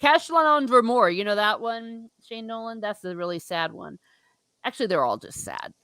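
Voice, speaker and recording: A woman from Ireland hosting a casual book discussion stream, animated and quick to laugh, often restarting her sentences. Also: mid-range voice, clear, resonant tone, no room sound. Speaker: livestream book discussion host. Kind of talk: casual chat with live chat readers.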